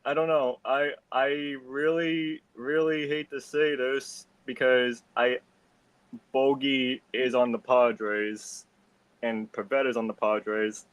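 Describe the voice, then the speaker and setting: Blunt halting man talking baseball. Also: mid-range voice, little pitch movement, a bit bright, clean tone, no echo. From Massachusetts. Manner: halting, repeats words, blunt predictions. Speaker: guest panelist. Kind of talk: casual sports talk stream.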